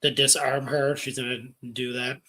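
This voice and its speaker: A man co-hosting a casual wrestling podcast, playful and quick to laugh. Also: medium pitch, little pitch movement, sharp tone. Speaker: podcast co-host.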